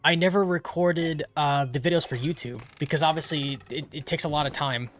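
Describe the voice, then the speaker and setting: A man's voice: on the high side, fairly quick, a bit bright, slight background noise. A man streaming a video game, rambling chattily through casual commentary. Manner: rambling, many fillers, chatty.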